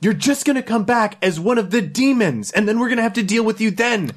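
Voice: medium pitch, expressive, voice pushed up, lightly acted. A player voicing a pushy teen rock band singer in a tabletop game, insistent and rallying. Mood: persuasive. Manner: insistent, rallying, rushes through pep talks. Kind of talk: improvised tabletop role-play.

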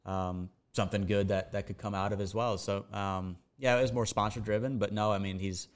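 A race car driver guesting on a podcast, talking casually with many fillers and restarts. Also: male voice, on the low side, fairly even intonation, a little fast, clean tone.

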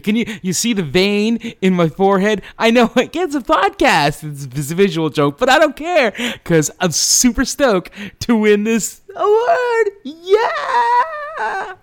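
A man impersonating a male movie star who shouts and laughs in a wild victory rant. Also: very high-pitched, sing-song, a little slow, pitched above the performer's own voice, exaggerated voice. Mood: ecstatic. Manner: screaming and laughing at once.

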